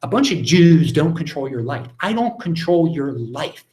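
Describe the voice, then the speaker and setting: A man hosting a casual live question-and-answer stream from his apartment, reading out viewer questions and answering them in a lowered voice with quick restarts. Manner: animated, talks over himself with quick restarts; lowered, near-whispering voice.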